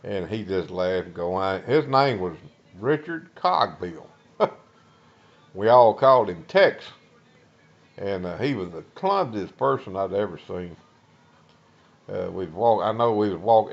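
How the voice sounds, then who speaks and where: An older Texan man with a low, gravelly voice tells his own war memories. He talks in a folksy, halting way, stopping often to restart. The recording sounds dull and lo-fi. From Texas. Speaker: Vietnam veteran. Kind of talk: personal war storytelling.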